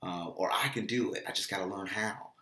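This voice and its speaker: A man's voice: sits low, a little fast, pushed and bright, roomy sound. A man giving a casual, earnest motivational talk, repeating phrases and acting out bits of dialogue. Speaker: motivational vlogger and dog trainer.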